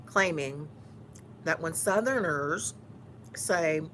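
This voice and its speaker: Texan woman YouTuber, slow and low, mock-bossy chat between bites. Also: lively intonation, fairly bright tone, a little hiss or hum. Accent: Texan Southern. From Houston, Texas. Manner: chatty, teasing and mock-bossy. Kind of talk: casual mukbang chat while eating.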